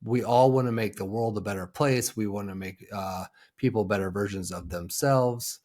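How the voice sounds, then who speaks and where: A man's voice: lowish voice, moderate pace, darkish tone. A man hosting a solo coaching podcast, talking earnestly and conversationally with frequent fillers and restarts.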